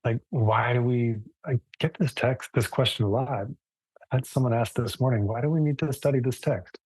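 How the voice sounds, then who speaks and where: A man teaching a relaxed live yoga class online, talking casually and thoughtfully, with frequent restarts. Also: mid-range voice, normal speed, breathy edge, dry recording, low-quality recording.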